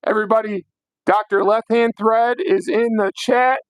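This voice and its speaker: A hoarse young man hosting a late-night livestream, ranting bluntly with plenty of swearing. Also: high-pitched, fairly even intonation, normal speed, noisy background. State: hoarse, voice worn out. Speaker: livestream host.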